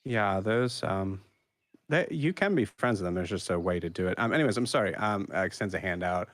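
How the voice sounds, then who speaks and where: A man running a tabletop role-playing game as game master, narrating with many pauses and restarts. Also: sits low, expressive, dry recording. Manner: halting, many ums and restarts.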